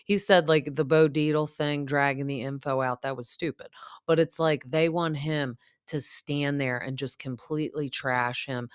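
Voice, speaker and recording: A woman's voice: low-pitched, steady tone, moderate pace, clean tone, dry recording, studio quality. A woman hosting a casual reality TV recap, gossipy and opinionated, with plenty of fillers. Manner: chatty, lots of fillers like "like" and "um".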